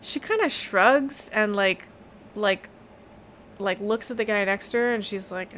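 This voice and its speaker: A woman's voice: mid-range voice, unhurried, fairly bright tone, slight background noise. Casual woman game master. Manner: casual, filler-heavy, laughing easily. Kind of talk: narrating a tabletop game.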